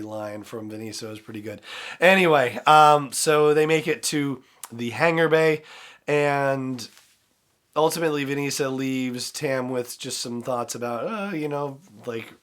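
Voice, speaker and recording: A man's voice: mid-range voice, a bit bright. Guy hosting a podcast with a throat cold, chatty recap, kinda rambly with lots of "you know"s. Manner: loose, chatty retelling with fillers and asides. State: talking through a throat cold. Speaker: podcast host. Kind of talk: solo episode recap and commentary.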